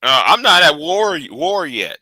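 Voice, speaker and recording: Man, angry livestream rant, very bright sharp voice, dry close sound, profane, stumbling repeats. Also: fairly high pitch, sing-song, measured pace, dry recording, rough recording. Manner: heated, profane, repeats and restarts words. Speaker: livestream host.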